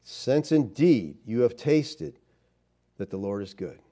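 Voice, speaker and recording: A middle-aged male pastor preaching with a warm, mellow tone. He tells stories with lively swings, rising to loud emphasis and dropping to hushed asides. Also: medium pitch, slow pace. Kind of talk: sermon.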